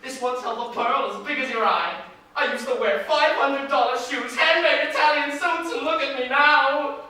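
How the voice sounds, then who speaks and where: A man's voice: very high-pitched, normal speed, pushed and bright. A man playing a brash, scheming, washed-up male Broadway producer, pushy and theatrical in stage comedy style. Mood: wheedling. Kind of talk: stage musical comedy acting. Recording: echoey stage sound from far off, faint noise.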